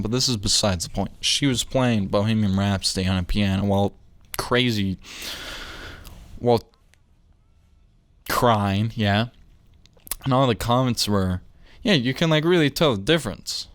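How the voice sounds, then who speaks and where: Speaking at a moderate pace with frequent pauses, this young podcast host has a voice on the low side. He rambles, jokes, and keeps interrupting himself as he loses his train of thought, and the recording carries no room sound.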